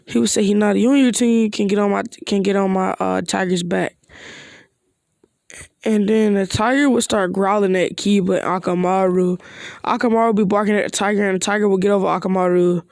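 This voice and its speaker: Here a mid-range, gravelly, slightly mellow voice comes through clean studio audio without echo. It belongs to a laid-back fan inventing an anime what-if scenario on the fly, rambling, halting, and leaning on "bro" and "you know."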